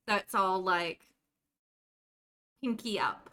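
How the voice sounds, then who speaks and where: Woman game streamer, casual chatty talk, unhurried delivery, bright smooth voice. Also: medium pitch. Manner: chatty, talks to the game characters and chat. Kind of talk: casual live-stream chat while playing.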